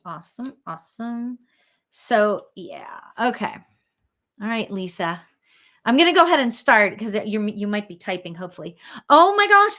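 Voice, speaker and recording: A woman's voice: mid-range voice, a bit bright. A woman hosting a live spiritual reading show, chatting casually with viewers, giggly and full of ums and restarts.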